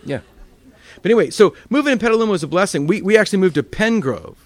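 A man's voice: high voice, quick pace, a faint crowd. A man preaching as a pastor, telling funny stories and acting out the voices of the people in them. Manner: animated, acts out voices in his stories. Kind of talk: storytelling sermon.

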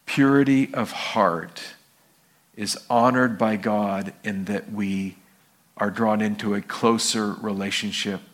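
A male pastor preaching a sermon, telling stories and acting out the people in them with a raised voice. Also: takes it slowly. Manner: animated storytelling, acts out quoted people in a high voice.

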